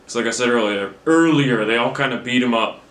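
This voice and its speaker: Swearing freely and poking fun at himself, a young movie reviewer rambles through a recap in a mid-range, slightly bright voice at a fairly quick pace. He speaks straight into a camera mic, and the room rings with noticeable echo.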